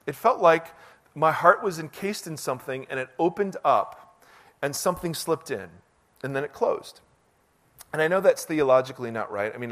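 A middle-aged male pastor preaching a sermon in a conversational, self-deprecating, animated way. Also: medium pitch.

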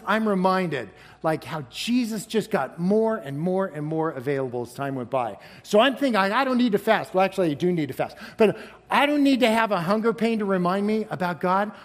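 Male guest preacher, high-pitched and animated, heard in a reverberant hall. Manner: animated, laughing, exclaiming. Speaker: guest speaker. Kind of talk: storytelling sermon.

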